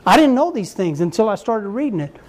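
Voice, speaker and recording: A man's voice: sits high, big pitch swings, brisk, darkish tone. A middle-aged man, preaching a folksy, repetitive sermon that mixes family stories with exhortation.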